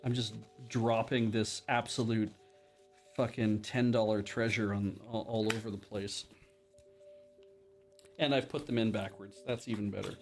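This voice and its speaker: This livestream host has a lowish voice and a moderate pace, with faint music in the background. He rambles through casual chat while unboxing and gaming, making fun of himself and swearing once in a while.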